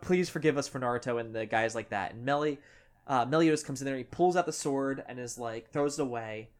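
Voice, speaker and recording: A woman's voice: extremely low pitch, brisk. A woman co-hosting a casual podcast chat, animatedly retelling scenes and swearing casually. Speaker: podcast co-host.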